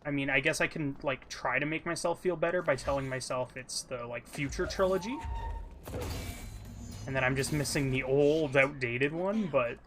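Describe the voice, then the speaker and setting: A man's voice: mid-range voice, normal speed, fairly bright tone, soft background music. A tired man streaming a game live, chatting casually and breaking into exclamations and laughter. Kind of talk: casual gaming stream chat.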